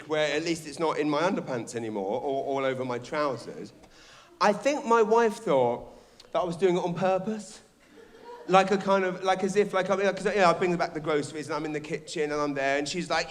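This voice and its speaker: A middle-aged man performing a rambling, animated stand-up comedy set on a theatre stage. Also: high voice, brisk. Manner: animated, shouting bits, rambling restarts. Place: theatre stage before a live audience.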